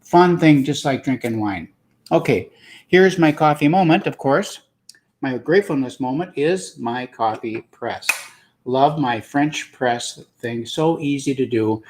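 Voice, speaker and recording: A man's voice: medium pitch, expressive, unhurried, a little mellow. An older man hosting his own show, chatting in an upbeat, casual coaching way. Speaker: host. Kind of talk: casual motivational talk.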